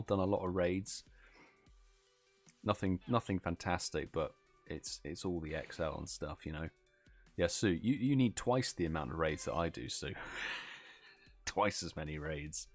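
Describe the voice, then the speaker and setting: British male streamer, deep voice, tired, laid-back chat to viewers. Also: measured pace, pauses often, soft background music. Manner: chatty, reads out chat messages, yawns and laughs. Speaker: livestream host. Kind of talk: casual live stream chat.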